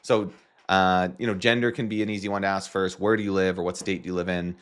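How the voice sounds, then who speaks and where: A man's voice: low-pitched, level tone, fast talker, fairly bright tone. A man with a Canadian accent, casually walking through a marketing tutorial with joking asides. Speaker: marketing coach. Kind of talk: screen-share tutorial.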